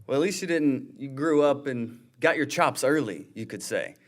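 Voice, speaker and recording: A man's voice: mid-range voice, lively intonation, normal speed. A man hosting a comedy interview, asking short questions and giving brief replies. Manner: short prompts and backchannel replies. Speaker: podcast host. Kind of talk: casual interview.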